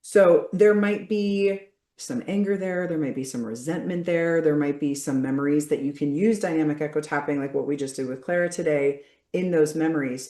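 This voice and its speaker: A woman coach leading a group session over a video call, blunt and energetic, swearing casually. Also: low voice, roomy sound.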